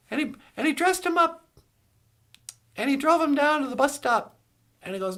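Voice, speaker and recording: A woman's voice: sits high, animated, moderate pace, pauses often, a bit bright. A woman telling a long joke story on a live stream in a rambling way, correcting herself as she goes.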